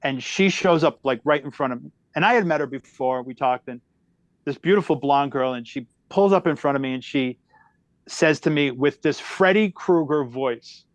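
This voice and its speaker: A man's voice: mid-range voice, normal speed, dry recording. A middle-aged comedian telling a long personal story on a podcast, changing speed often as he goes. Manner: animated storyteller who shifts pace a lot. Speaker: guest comedian.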